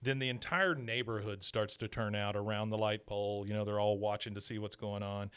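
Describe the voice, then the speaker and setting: A man's voice: on the low side, brisk, smooth. A man co-hosting a podcast, casually retelling an episode's plot and acting out the characters' lines. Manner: animated storyteller, acts out quotes in put-on voices. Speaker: podcast co-host recapping an episode.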